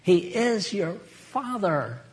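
Delivering a relaxed, homespun sermon, this man speaks straight to his audience, chuckling often. His voice is fairly high with big swings in pitch, and he keeps an unhurried, leisurely pace.

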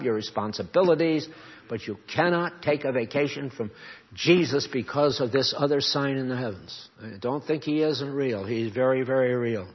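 A man's voice: mid-range voice, slightly rough. A man preaching a sermon with earnest emphasis, often asking the congregation questions. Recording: dull lo-fi recording.

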